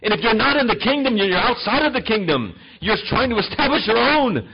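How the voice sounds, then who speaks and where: A male pastor preaching a sermon in an emphatic style that swings between loud and soft. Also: very high voice, very animated, fairly quick, creaky, lo-fi sound, background noise.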